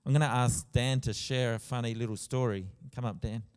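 A man preaching a sermon in a church, earnest, with soft passages and loud emphatic bursts. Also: medium pitch, fairly even intonation, fairly quick, clear, resonant tone. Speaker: pastor. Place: church hall. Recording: long church reverb.

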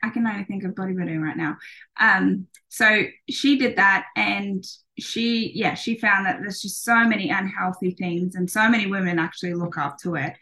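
A woman's voice: medium pitch, fairly even intonation, normal speed, bright, forceful tone. A woman in her thirties, a podcast guest, talking casually with many ums and restarts.

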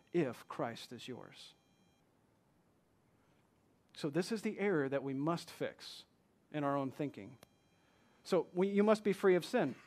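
High-voiced man preaching a sermon. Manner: rhetorical questions, rising to emphatic bursts; slows down to read scripture. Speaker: pastor.

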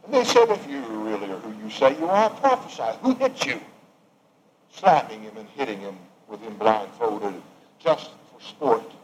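A man preaching a sermon, swinging from raised emphatic lines to hushed, quiet ones. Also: fairly low pitch, sing-song, moderate pace, slight background noise, low-quality recording.

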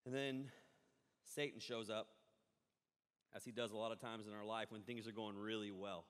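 A man preaching a sermon, rambling and animated, often breaking off mid-thought. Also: lowish voice, moderate pace, long pauses. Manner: rambling, animated, self-interrupting. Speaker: pastor. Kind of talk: live-streamed sermon. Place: church hall. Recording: echoey hall reverb.

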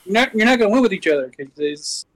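A man on a podcast who argues his point in a rambling way and keeps circling back. His voice sits high for a man. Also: animated, fast talker, rough recording. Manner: rambling, argumentative, many fillers. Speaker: podcast co-host. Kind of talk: casual banter.

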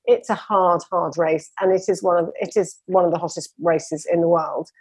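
A woman's voice: fairly low pitch, fairly even intonation, moderate pace, a little mellow, breathy edge, no room sound. A woman telling her running story with enthusiasm, rambling a little as a guest in a conversation. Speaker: interview guest.

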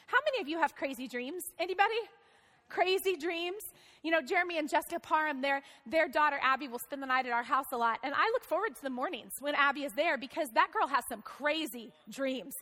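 Bright-voiced woman pastor preaching. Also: sits high, a little fast, big-room sound. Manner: conversational preaching, asks the congregation questions. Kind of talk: sermon.

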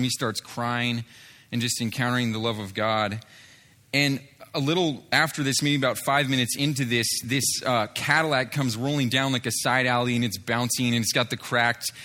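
A man's voice: medium pitch, bright, forceful tone. A man telling a story from street ministry, with many fillers and restarts, acting out what others said. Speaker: street evangelist telling a testimony. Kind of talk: spoken testimony story.

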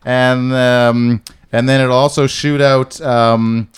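A man playing a tabletop game who rambles and laughs while pitching ideas. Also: flat delivery, slow pace, clean tone. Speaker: player. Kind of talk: casual tabletop game play.

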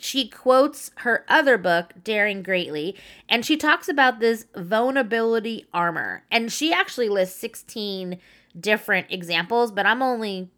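A woman in her thirties hosting a podcast, telling a story in a chatty, animated way and laughing as she goes. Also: medium pitch. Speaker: podcast host. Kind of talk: casual storytelling monologue.

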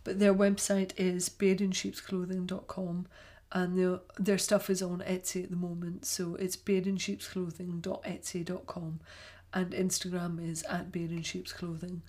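A woman from Scotland, a yarn vendor and podcaster, chatting casually and telling stories in a lively way. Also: on the low side, normal speed. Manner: chatty, animated storytelling. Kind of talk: casual chat.

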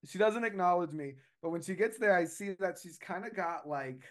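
A man with a slightly high voice chats casually on a podcast. He tells his story in a loose, rambling way, stopping and restarting often and padding it with "um" and "like.". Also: moderate pace.

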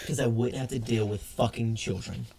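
A man co-hosting a casual chat, excitable and quick to react with crude jokes. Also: mid-range voice, vocal fry, breathy edge. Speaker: podcast co-host.

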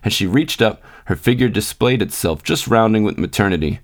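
A man narrates a classic short story for a podcast. His voice sits low, and his reading is steady and measured. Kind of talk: scripted narration.

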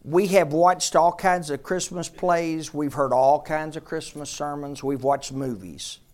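Preacher guy in church, kinda high voice, chatty, keeps asking the folks the same question. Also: unhurried. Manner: conversational, repeats questions to the congregation. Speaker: pastor. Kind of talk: interactive sermon.

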